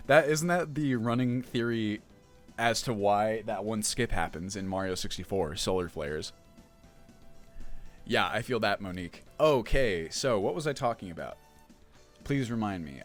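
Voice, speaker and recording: A man running a casual livestream, chatting as he explains update details and answers chat, thinking aloud as he goes. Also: on the low side. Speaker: mod developer streaming.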